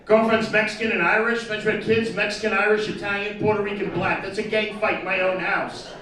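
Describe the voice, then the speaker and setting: The comedian here is a man whose high-pitched voice has a flat delivery and a slightly fast pace. He performs a crude, brash live set, teasing the crowd, captured on an echoey distant mic along with audience chatter and laughter.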